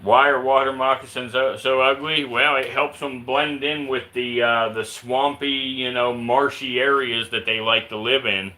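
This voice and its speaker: A man casually chatting on a live stream while handling and feeding his snakes, reading out viewer questions in a relaxed drawl. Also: medium pitch, moderate pace, few pauses, low-quality recording. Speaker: reptile keeper streaming live.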